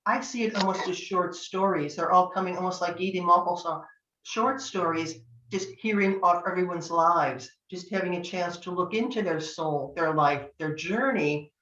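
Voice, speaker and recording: A woman's voice: fairly low pitch, moderate pace, a bit bright, dull audio, a little hiss or hum. Chatty older woman, echoey distant sound. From Northern California. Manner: chatty, anecdotal, acts out quoted dialogue. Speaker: tarot teacher. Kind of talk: online master class talk.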